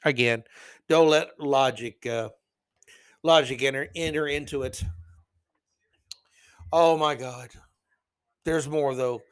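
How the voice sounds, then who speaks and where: A man's voice: medium pitch, slow pace, long pauses, smooth, no room sound. A man hosting a solo podcast, reading news stories aloud and mocking them with sarcastic asides. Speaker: podcast host.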